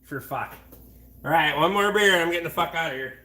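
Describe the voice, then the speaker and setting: A man's voice: fairly high pitch, a little fast, bright, forceful tone. A middle-aged man hosting a casual late-night stream, talking bluntly and swearing a lot while he rambles and answers chat. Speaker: livestream host reading chat.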